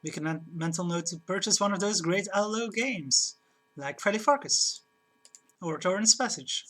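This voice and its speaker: A woman with a mid-range, slightly bright voice talks at normal speed while streaming a retro game. Her let's-play commentary is casual, she laughs often, and she reads the game's narration aloud.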